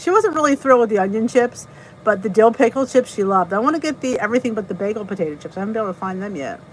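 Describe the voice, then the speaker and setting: A fairly high-pitched middle-aged woman with a New Jersey accent runs a relaxed live stream, chatting, welcoming viewers from the chat, and laughing at herself. The recording is rough, with slight noise in the background.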